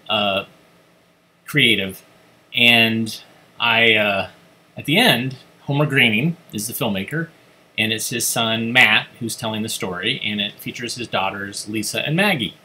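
Man with a bright, forceful voice. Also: mid-range voice, measured pace. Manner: chatty, many fillers and restarts. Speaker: host of a film club. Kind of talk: casual commentary.

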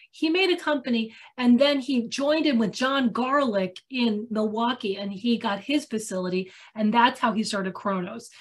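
A woman co-presenting a talk, telling an animated story and acting out the people she quotes. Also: on the high side.

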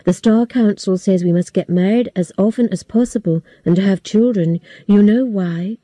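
A woman voicing a sad, resigned father gently explaining to his daughter. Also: mid-range voice, moderate pace, no room sound, close to an everyday voice.

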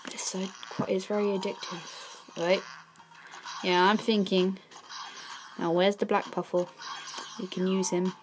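Woman doing slow let's play commentary, keeps yelling and swearing at the game then saying sorry, faint noise behind. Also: lowish voice, fairly even intonation. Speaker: gaming channel host.

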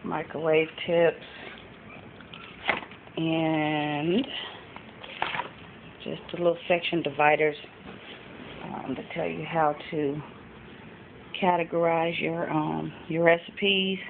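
Slow, gravelly-voiced mom vlogger. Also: female voice, low voice, flat delivery. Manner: unhurried, chatty, frequent ums. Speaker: mom vlogger showing a thrift haul. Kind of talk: casual show-and-tell chat. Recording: phone-like lo-fi with faint background noise.

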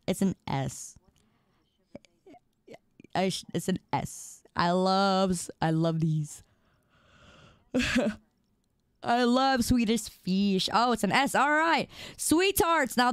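A woman's voice: mid-range voice, smooth, no echo, clean studio sound. A woman streamer chatting playfully with her viewers, repeating words in a sing-song drawl. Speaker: livestreamer. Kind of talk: casual live-stream chat.

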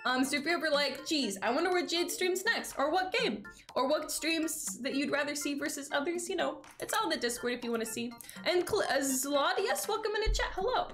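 A woman's voice: high-pitched, lively intonation, a little fast, a bit bright. A young woman streaming a video game, chatting playfully and dramatically with her chat and thanking followers. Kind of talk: casual live-stream chat while gaming. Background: faint game music.

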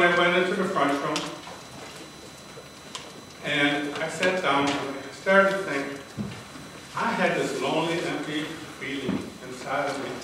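Heard from far off in an echoey hall with faint ambience and background noise, an older man speaks on the high side. He is giving a prepared contest speech, telling a personal story with earnest drama.

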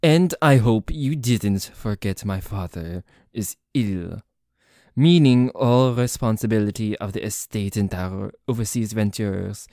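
A man's voice: lowish voice, dark tone, no echo, studio quality. A man voicing a protective young French nobleman with a put-on French accent, commanding toward a rival and tender toward his partner, in an audio role-play. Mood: indignant. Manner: indignant, commanding, then tender. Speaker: voice actor.

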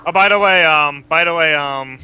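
A man playing a game over voice chat, excitable and blurting, swearing now and then. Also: a little high, moderate pace, clear, resonant tone, lo-fi sound. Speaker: player. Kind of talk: casual gaming chat.

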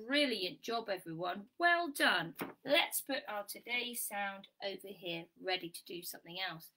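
A woman teaching a children's phonics lesson, praising warmly and sounding out letters slowly and clearly. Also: fairly high pitch, animated, a little hiss or hum. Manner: bright, encouraging, sing-song praise.

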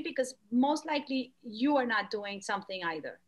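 A woman artist talking as a podcast guest, lively, acting out quoted voices. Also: moderate pace, few pauses, dull audio. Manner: animated, acts out quoted voices with pitch jumps. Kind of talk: conversational podcast interview.

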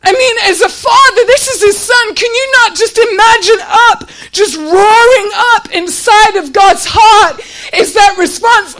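A woman with a very high voice preaching a heartfelt sermon. She pushes her voice up to near shouting and sounds close to tears as she presses question after question. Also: a little slow. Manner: impassioned, often near tears and raising her voice; repeats rhetorical questions.

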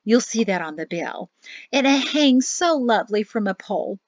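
A woman's voice: on the high side, lively intonation, normal speed, no echo. A woman voicing a cheerful, pushy older mother-in-law who talks in a sing-song way. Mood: chirpy. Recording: dry, slightly muffled audio.

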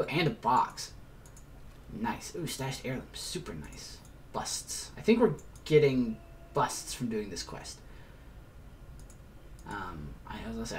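A man in the middle of a relaxed let's-play session, talking his viewers through the game. He explains as he goes, drops the odd curse and mutters little asides, his pitch sitting in an ordinary middle range. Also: a little hiss or hum. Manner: chatty, explains as he plays, swears and mutters asides. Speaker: let's player. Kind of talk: casual gameplay commentary.

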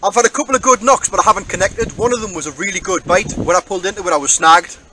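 A man with a high voice walks through his fishing setup plainly and matter-of-factly, out on an open beach. Faint wind hiss sits behind him. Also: racing, pushed and bright. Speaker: angler vlogger. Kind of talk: casual outdoor vlog commentary. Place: open beach on a windy evening.

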